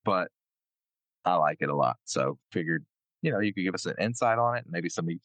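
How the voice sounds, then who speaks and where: A man's voice: low-pitched, animated, brisk, fairly bright tone, no room sound. A man with a country accent hosting a podcast, easygoing and laid-back. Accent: American country. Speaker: podcast host. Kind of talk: casual chat.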